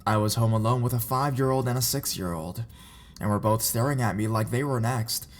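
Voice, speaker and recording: A man reading reader-submitted scary stories aloud in a measured, even narration. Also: medium pitch, a little hiss or hum. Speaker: horror story narrator.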